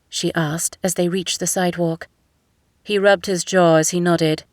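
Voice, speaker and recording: A woman reads a romance audiobook in scripted narration, keeping her storytelling measured and even. Her voice is fairly low, and the recording is dry.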